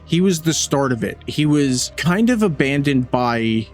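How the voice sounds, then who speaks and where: A man co-hosting a podcast in casual chat, telling a story in a relaxed, matter-of-fact way. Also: mid-range voice, unhurried, faint music behind. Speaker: podcast co-host.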